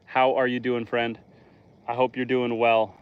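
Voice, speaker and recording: A man's voice: medium pitch, completely flat delivery, a little slow, smooth, narrow, tinny audio. A man from northern Canada, a homesteader livestreaming outdoors by a lake, chatting casually with viewers and joking while he fishes. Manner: chatty, joking, talks to chat while fishing. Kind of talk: casual live stream chat.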